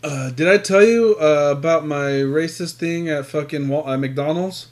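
A man's voice: a little high, normal speed. A man telling crude stories in casual, profanity-laced chat with a friend. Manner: profane, animated storytelling.

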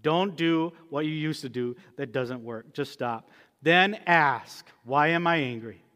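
A man's voice: a little high, unhurried, bright, forceful tone. A male pastor preaching a sermon in a conversational, emphatic teaching manner. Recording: long reverb of a church hall.

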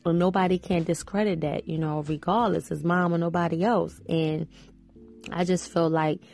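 A woman podcast host talks through a reality show episode in a loose, rambling way, leaning on "you know" again and again. Her voice sits low with a gravelly fry. Faint music plays under her. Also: fairly even intonation, normal speed, darkish tone. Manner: chatty, many "you know" fillers. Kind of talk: casual commentary on a reality show.

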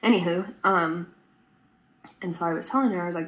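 A woman's voice: fairly low pitch, fairly quick, pauses often, fairly bright tone, a little hiss or hum, rough recording. A woman in her twenties talking earnestly to camera in a personal vlog, rambling, with frequent "like" and "right?". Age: 20s. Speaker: vlogger.

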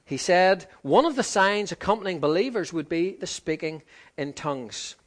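Male preacher, slightly high voice, chatty sermon delivery with acted-out quotes. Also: moderate pace. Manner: conversational, acts out quoted voices with lively pitch swings.

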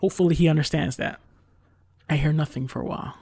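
A man with a slightly high, gravelly voice tells a long, rambling story in casual chat. He leans on "like" and "uh", swears now and then, and sounds exasperated. The sound is close and dry. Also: fast, darkish tone, no echo. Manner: rambling, filler-heavy, exasperated retelling with swearing.

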